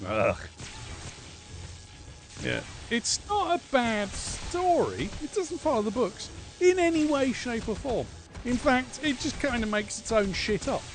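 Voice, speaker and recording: A man's voice: very high voice, big pitch swings, measured pace, soft background music. A man streaming a game, chatting casually with rambling, sardonic and profane asides. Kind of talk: casual gameplay chat.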